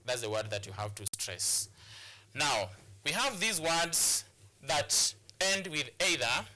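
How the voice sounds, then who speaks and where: Male TV teacher, bright and slightly high voice, stop-start and repetitive delivery. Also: very animated, slow pace. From Kenya. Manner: repeats phrases, stop-start explaining. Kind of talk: classroom lesson on TV.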